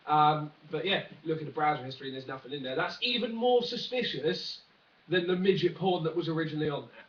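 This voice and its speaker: A man's voice: on the high side, expressive, fairly quick, fairly bright tone. A young man rambling through a jokey, one-take comic news rant, full of fillers and asides. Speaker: vlogger. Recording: dull, roomy, from a distance.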